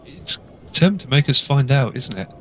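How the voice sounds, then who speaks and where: A man's voice: mid-range voice, lively intonation, fairly quick, a bit bright. A man co-playing a story game on a call, making dry, wry remarks about the choices. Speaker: co-player on a call. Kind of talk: casual chat while playing. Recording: faint background noise.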